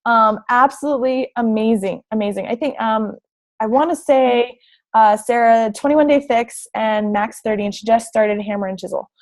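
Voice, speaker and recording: Young woman, fitness coach, talking through slides, bubbly and gushing, slightly high voice. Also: fairly even intonation, normal speed. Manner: bubbly and gushing, lots of "like" and "oh my gosh". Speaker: fitness coach presenting to prospective recruits. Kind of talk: enthusiastic presentation over slides.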